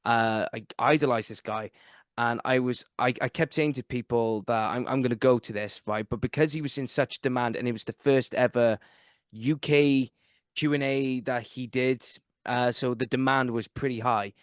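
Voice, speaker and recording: A man with a South Welsh accent hosting a podcast, telling stories in an animated, excitable way. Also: medium pitch, normal speed, no echo, clean studio sound. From South Wales. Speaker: podcast host. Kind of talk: casual podcast chat.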